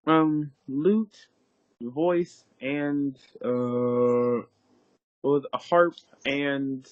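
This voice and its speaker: A young man playing a tabletop game, halting and giggly as he describes his character. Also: mid-range voice, dry recording, narrow, tinny audio. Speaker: player.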